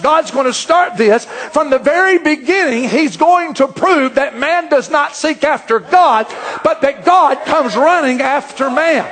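A man preaching a fervent sermon, often rising to shouts. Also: very high voice.

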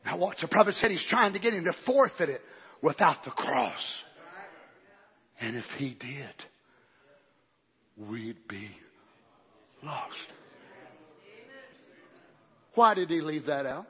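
Very animated yet slow, this slightly rough male preacher leaves long pauses in his fiery sermon. He drops to murmurs and builds to shouted climaxes met with amens, heard on dull lo-fi audio in a reverberant church hall.

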